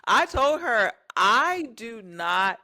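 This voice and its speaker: Brief: woman, young adult co-host, blunt and laid-back, with a bright, cutting voice. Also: a little high, sing-song, very slow. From southern Virginia, US. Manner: blunt, laid-back, uses slang and swears. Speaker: podcast co-host. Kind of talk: casual chat.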